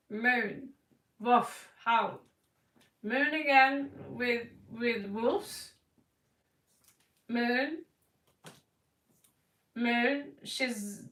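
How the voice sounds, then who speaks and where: A woman's voice: fairly high pitch, fairly bright tone. A woman giving a casual tarot reading to camera, blunt and playful, laughing and repeating words for effect. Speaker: tarot card reader. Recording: echoey room, voice distant from the mic.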